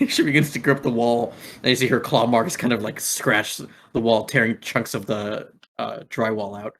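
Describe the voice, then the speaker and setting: A man's voice: fairly low pitch, fairly even intonation, moderate pace, vocal fry, fairly bright tone. A man narrating as game master in a laid-back way, with many filler words.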